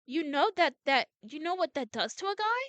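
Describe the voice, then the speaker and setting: A woman's voice: sits high, animated, slow, pushed and bright, dry recording, voice pushed up, heavily acted. Woman voicing a cooing, menacing ex. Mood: coaxing. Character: possessive smooth-talking male ex-partner, criminal.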